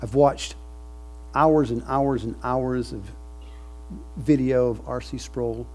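A man preaching a sermon, moving from quiet reflection to loud, emphatic passages. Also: medium pitch, fairly even intonation, slow pace, slight background noise. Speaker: pastor.

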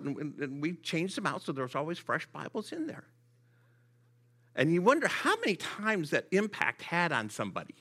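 A man delivers a sermon full of stories to a church gathering. His voice sits a bit high and swings widely in pitch as he talks. He often stumbles into repeated words as he builds up a story. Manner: repeats words when excited. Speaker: church speaker for the Gideons.

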